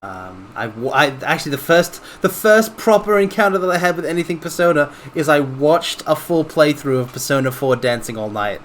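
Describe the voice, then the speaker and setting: A man streaming a video game, rambling casually and breaking into quick exclamations. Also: medium pitch, a bit bright, slight background noise. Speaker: livestreamer playing a video game. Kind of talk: casual gameplay commentary.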